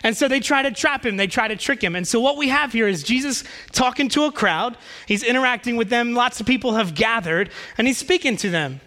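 High, bright-voiced male pastor. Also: lively intonation, a little fast, hardly any pauses. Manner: casual, joking, conversational. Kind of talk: sermon.

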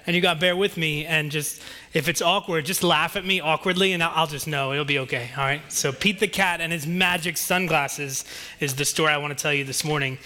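Playful, bright-voiced man telling a story. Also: on the high side, fairly even intonation, fairly quick. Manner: playful, self-deprecating storyteller. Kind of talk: children's story and sermon.

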